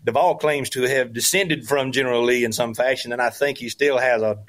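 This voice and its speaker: A male history professor on a podcast with a middle-pitched voice. He talks casually and hesitantly, often stopping to say uh and restart his sentences. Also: a little fast, fairly bright tone. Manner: hesitant, full of uh's and restarts. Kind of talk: casual interview talk.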